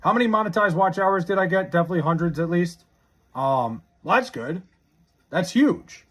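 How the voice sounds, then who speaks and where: A young man talks off the cuff on a live stream, rambling, swearing and restarting his sentences. His voice sits a bit high and swings a lot in pitch, with a husky edge. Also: animated, moderate pace, a bit bright. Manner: rambling, profane, with frequent restarts. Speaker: livestreamer reading chat. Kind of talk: casual live-stream chat.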